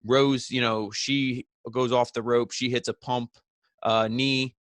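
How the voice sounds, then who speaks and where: A man's voice: mid-range voice, flat delivery, takes it slowly, a bit bright, dry recording. A man hosting a wrestling review, recapping the show in a casual, rambling way full of "you know" and "he's like".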